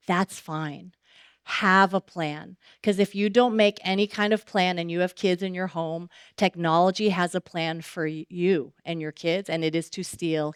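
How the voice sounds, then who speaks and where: A middle-aged woman preaching at a church, conversational and animated, with frequent asides to the congregation. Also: mid-range voice, normal speed, clear, resonant tone, dry recording, studio quality. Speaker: guest speaker. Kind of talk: sermon.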